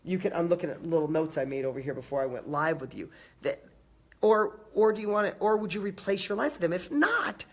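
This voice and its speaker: A man with a slightly hoarse, raspy voice from a cold, giving an emphatic live motivational talk, stacking repeated phrases and greeting viewers by name. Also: on the high side, expressive, a little fast. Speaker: motivational host.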